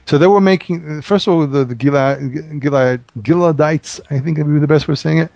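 Man, Bible study teacher, halting explanations, muffled lo-fi recording. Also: fairly high pitch, gravelly, darkish tone, no echo. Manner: halting, many restarts while explaining.

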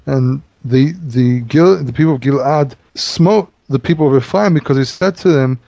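A man's voice: mid-range voice, creaky, dark tone, no echo, highs cut off. A man teaching in a conversational Bible study, explaining at length with frequent halts and restarts. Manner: halting, many restarts while explaining.

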